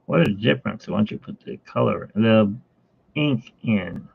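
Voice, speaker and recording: Slow gravelly-voiced man chatting while drawing. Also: on the low side, expressive. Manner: rambling, chatty, with fillers and asides. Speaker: artist hosting a live art stream. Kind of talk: casual chat while drawing. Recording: tinny phone-like sound.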